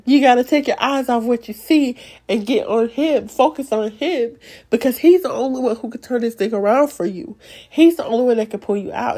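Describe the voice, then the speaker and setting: A woman's voice: a little high, mellow. A young woman hosting a faith podcast, giving an emotional, encouraging devotional talk with preacher-like repetition. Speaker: podcast host.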